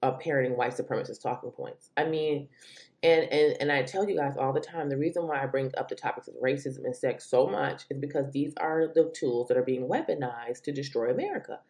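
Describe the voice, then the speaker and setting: A woman hosts her own commentary show, speaking right to her listeners. Her voice sits low and mellow. When she gets exasperated it leaps sharply upward in animated bursts. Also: a little fast. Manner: animated, exasperated rants with sudden high pitch jumps. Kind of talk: opinion commentary monologue.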